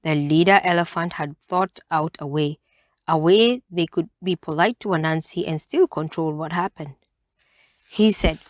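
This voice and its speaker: A woman reading a children's bedtime story aloud, in a gentle and expressive way. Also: low voice, moderate pace, dry recording, studio quality.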